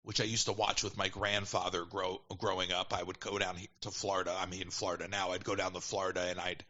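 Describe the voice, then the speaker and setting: A man casually telling a long story as a podcast guest, animated and quick to quote people in put-on voices. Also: low-pitched, muffled recording. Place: at home.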